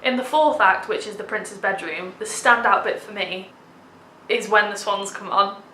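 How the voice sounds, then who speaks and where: A woman's voice: medium pitch, normal speed, pushed and bright, reverberant, slight background noise, poor audio. A young woman vlogging a theatre review, gushing with enthusiasm and dropping lots of "like"s. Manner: gushing, enthusiastic, many filler "like"s. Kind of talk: casual theatre review vlog.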